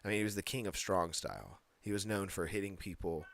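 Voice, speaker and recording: A man co-hosting a casual wrestling podcast chat, excitable and joking as he rambles. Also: deep voice, fast talker, gravelly, no room sound. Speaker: podcast co-host.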